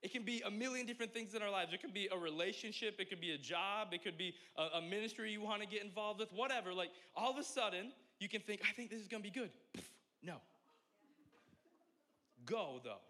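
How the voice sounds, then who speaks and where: A man's voice: sits high, fairly quick. A young adult man giving a casual, conversational sermon as a pastor, joking at his own expense. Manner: conversational, self-deprecating, animated.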